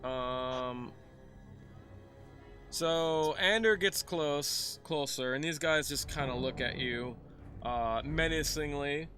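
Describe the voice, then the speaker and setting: A young man runs a tabletop game, narrating the scene in a bright, slightly high voice. He stumbles and restarts his sentences often. Faint music plays behind him. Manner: halting, many fillers and restarts. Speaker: game master.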